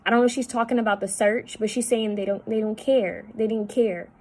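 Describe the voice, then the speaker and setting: A woman psychic medium talking at home, relaying messages in a halting, repetitive way that often drops to a hushed voice. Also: fairly high pitch, fairly even intonation, poor audio. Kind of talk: spirit-channeling video monologue.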